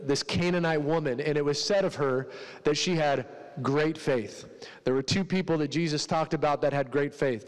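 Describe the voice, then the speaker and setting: A man's voice: on the high side, clean tone. Joking male pastor in a reverberant hall. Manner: casual, joking, acts out quoted voices. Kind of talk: sermon.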